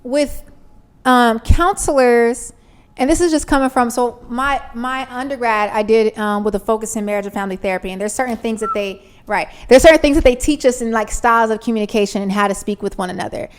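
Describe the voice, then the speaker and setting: A woman's voice: fairly high pitch, a little fast, smooth. A young woman co-hosting a podcast, explaining earnestly in casual chat with frequent restarts. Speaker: podcast co-host.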